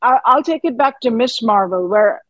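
Earnest and animated, with fillers and trailing thoughts, an actress in her fifties chats casually as an interview guest. Her slightly high voice is animated and a bit bright at a normal speed, recorded dry with lo-fi sound.

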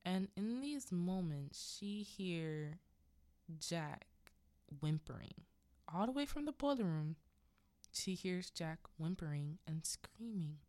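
A woman with a lowish voice hosts a casual film-recap podcast. She tells the story in an unhurried, chatty way with lively asides. The sound is dry and close to the mic. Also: no room sound. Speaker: podcast host.

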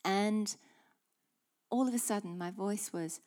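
A woman delivers a sermon with emphatic, declarative force. Her voice sits at a middling pitch, and she now and then drops into hushed, breathy asides. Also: slow. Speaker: preacher.

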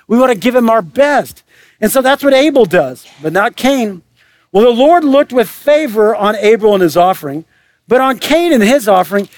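A man preaching a sermon as pastor, lively and animated, acting out characters and firing rhetorical questions. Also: high-pitched. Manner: animated, acts out biblical voices with rhetorical questions.

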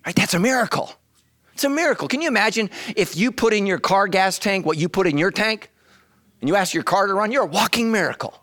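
A middle-aged man, a pastor, preaching an animated comic sermon full of storytelling, shouts and acted voices. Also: sits high, quick pace, no echo.

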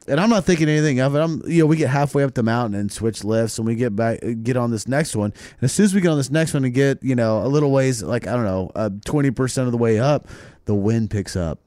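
A man's voice: mid-range voice, quick pace, dark tone, no room sound, studio quality. A man in casual podcast chat, telling a story with swearing and acting out the lines of other people.

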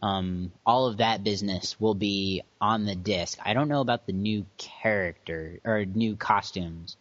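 A man on a casual gaming podcast who halts often and searches for the right words as he talks. His voice is low-pitched. The sound is dry, dull and lo-fi. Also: a little slow, fairly bright tone, no room sound.

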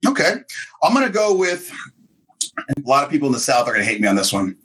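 A middle-aged man co-hosting a casual chat, telling a story in an animated, self-mocking way and acting out the quotes. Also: mid-range voice, fast, husky. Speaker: podcast co-host.

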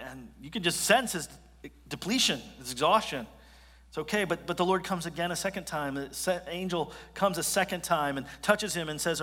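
A man preaching as pastor, telling the story with lively acted-out quotes. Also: a little high. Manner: animated storyteller acting out quotes. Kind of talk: sermon. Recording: long hall reverb.

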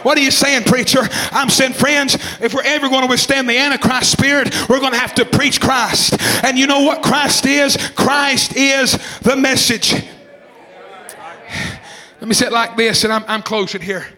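A man in his twenties preaching a fervent sermon, repeating phrases, shouting some lines and calling on listeners by name. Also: very high-pitched, fairly even intonation, moderate pace. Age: 20s. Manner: calls out congregation members by name.

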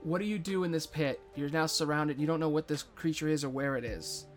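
A man narrating as game master of a tabletop game, casual with dramatic pauses. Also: fairly high pitch, soft background music.

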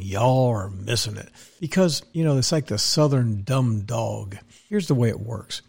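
A man's voice: medium pitch, darkish tone, husky. A man hosting his own podcast as a financial adviser, delivering a blunt, rambling, opinionated rant full of restarts. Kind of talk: opinionated solo podcast monologue.

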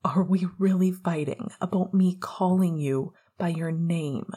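A woman's voice: lowish voice, measured pace, warm tone, slightly rough. A woman voicing a bitter, sarcastic young man. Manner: sarcastic, cutting. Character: bitter guarded young man, cold and biting.

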